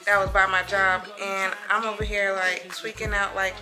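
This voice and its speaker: A young woman vlogger telling a personal story in a casual, animated way, acting out what people said. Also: medium pitch, normal speed, over music, rough recording. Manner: animated, dramatic retelling that acts out quoted voices.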